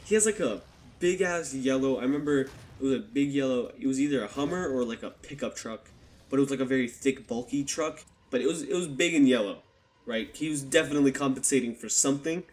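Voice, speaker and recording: A man's voice: medium pitch, quick pace, darkish tone. A young man casually telling a personal story to camera, swearing a lot and acting out what people said. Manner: casual, swears heavily, acts out quotes. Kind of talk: storytime vlog. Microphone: desktop USB microphone.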